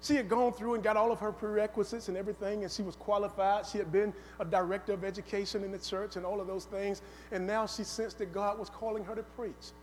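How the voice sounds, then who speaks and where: A man's voice: high-pitched, steady tone, fast talker, hardly any pauses, a little hiss or hum. A man preaching a sermon in a church, telling a story, acting out its voices and calling on the congregation to answer. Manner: call-and-response, acts out voices in the story. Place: church sanctuary. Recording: long hall reverb.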